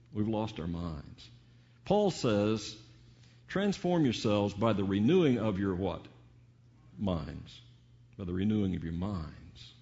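An older man preaching a sermon with dramatic swings between booming peaks and hushed asides, full of rhetorical questions. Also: gravelly, highs cut off.

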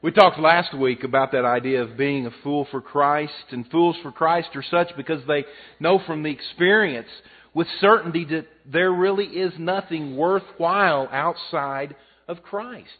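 A man's voice: on the high side, breathy edge. A middle-aged man preaching a sermon in a folksy, conversational way, mixing scripture and jokes. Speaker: pastor. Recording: phone-like narrow sound.

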